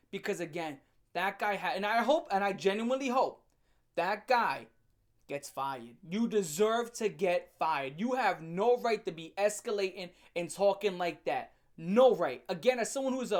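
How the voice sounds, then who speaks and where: A man delivering a casual, profane reaction rant as an online commentator, mocking and swinging from loud bursts to low muttering.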